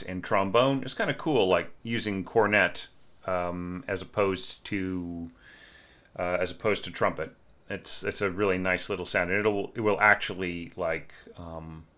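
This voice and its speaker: Bright-voiced man critiquing a score. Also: sits low. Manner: thinks aloud, sings lines with da-da. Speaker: orchestration teacher.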